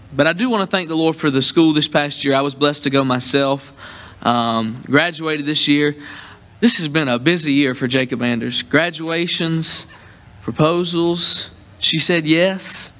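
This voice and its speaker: A man's voice: fairly high pitch, bright, forceful tone. A young man preaching at a church convention, joking and folksy with the congregation. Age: young adult.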